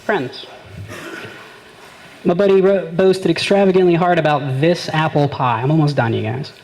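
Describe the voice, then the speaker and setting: A man's voice: fairly high pitch, steady tone, normal speed, a little mellow, poor audio. A man performing a stand-up comedy set, telling stories with quoted back-and-forth exchanges. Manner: conversational storytelling with quoted exchanges. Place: small live venue.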